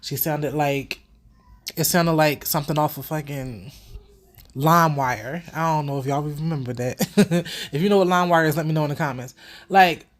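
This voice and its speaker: A woman's voice: deep voice, moderate pace. Slightly stuffy young woman vlogger. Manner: animated, profane, talks straight to viewers. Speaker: vlogger host. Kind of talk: casual opinion commentary.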